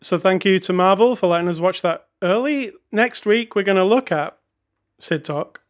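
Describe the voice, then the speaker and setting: Jokey co-host, mid-pitched casual voice. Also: normal speed. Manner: jokey, chuckles, reads reviews aloud wryly. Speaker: podcast co-host reviewing films. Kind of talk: casual chat.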